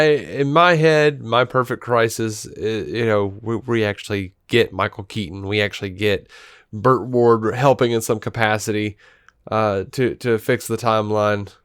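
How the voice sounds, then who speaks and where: In casual, rambling podcast chat full of restarts, this male co-host speaks at a moderate pace in a mid-range voice that is smooth and fairly bright. The dry recording is of studio quality.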